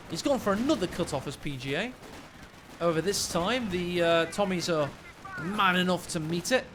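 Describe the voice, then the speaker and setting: A man's voice: sits high, background noise. A man casting a strategy game, giving casual play-by-play commentary with cheeky joking asides. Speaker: game caster. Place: at home late at night.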